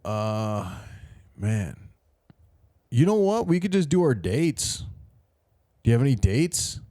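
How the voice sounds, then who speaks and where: A man's voice: medium pitch, very animated, takes it slowly, dark tone, no room sound. A man co-hosting a casual comedy podcast, rambling playfully through silly stories. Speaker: podcast co-host and stand-up comedian.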